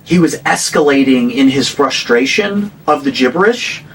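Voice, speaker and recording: A man in his thirties, a rock band frontman guest, telling a story in casual conversation, animated and swearing, acting out the voices he quotes. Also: mid-range voice, moderate pace, far from the mic, slight background noise, low-quality recording.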